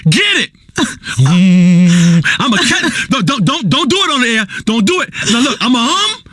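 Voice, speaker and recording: A volatile radio guru doctor for a game's talk station, preaching in a very high, bright voice that swoops all over the place. He rambles, hums and bursts into shouts without warning. The sound is dry and close. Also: big pitch swings, a little fast, no echo, full character voice. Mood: manic. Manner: rambling, humming, sudden shouting, wild swings. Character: erratic self-styled spiritual doctor, adult man, volatile and preachy. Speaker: radio health show host. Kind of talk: comedic talk radio acting.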